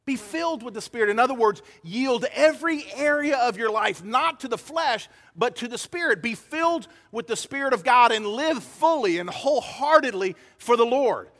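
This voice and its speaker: A man's voice: high voice, pushed and bright. A man preaching a sermon as pastor, emphatic and acting out the quoted dialogue. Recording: hall reverb.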